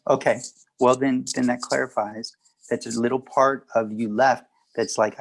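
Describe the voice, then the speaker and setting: A man speaking as a guest at a spiritual gathering, answering questions in a calm, reassuring way. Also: medium pitch, normal speed, creaky, poor audio. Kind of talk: conversational storytelling.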